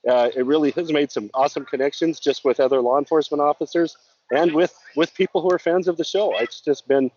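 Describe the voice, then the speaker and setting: A man's voice: on the high side, fast, darkish tone. Earnest man on a dull call line. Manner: earnest, repeats words as he talks. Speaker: guest, law enforcement officer. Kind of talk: casual chat. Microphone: remote call-in. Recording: slightly dull call audio with faint noise.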